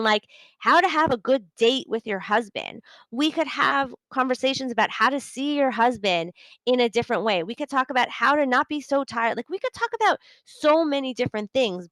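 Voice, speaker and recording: A woman's voice: on the high side, a bit bright, no room sound, low-quality recording. Chatty woman coach, many fillers. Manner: chatty, many fillers, acts out quoted inner thoughts. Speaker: podcast host and relationship coach. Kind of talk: casual live coaching talk.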